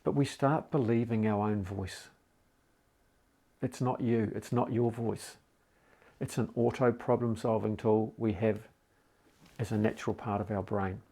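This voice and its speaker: A middle-aged man with a low, gravelly voice gives a gentle support talk straight to the listener. His tone is dark and husky, and he is calm and reassuring as he speaks. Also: measured pace, pauses often. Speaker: mental health support speaker.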